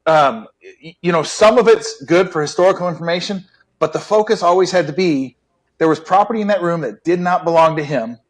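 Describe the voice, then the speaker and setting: A man's voice: on the high side, brisk. Chatty middle-aged man telling a police story. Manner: relaxed, chatty, many "right?" and "you know". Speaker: retired police detective guest. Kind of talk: casual storytelling interview.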